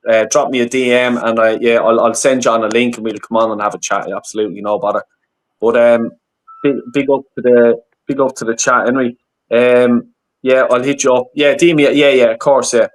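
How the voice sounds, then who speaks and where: A man hosting a casual football reaction live stream, blunt and swearing freely. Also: mid-range voice. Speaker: streamer host.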